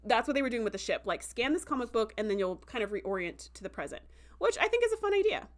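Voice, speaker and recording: A woman hosting a casual livestream review, chatty and full of "like" and "um" fillers, who slips into animated voices when quoting characters. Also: on the high side, quick pace. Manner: breaks into animated voices for quotes.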